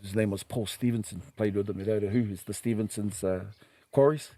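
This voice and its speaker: A man's voice: on the low side, fairly quick. A middle-aged man with a New Zealand accent, telling stories in casual chat and acting out what people said. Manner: animated, acts out quoted voices, laughs while telling. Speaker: podcast guest. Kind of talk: casual storytelling.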